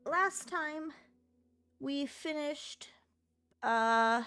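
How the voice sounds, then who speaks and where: A woman's voice: high voice, drawn-out words, bright, forceful tone. A woman streaming a game in a casual, rambling way, sounding sleepy after just waking up and chatting with her viewers.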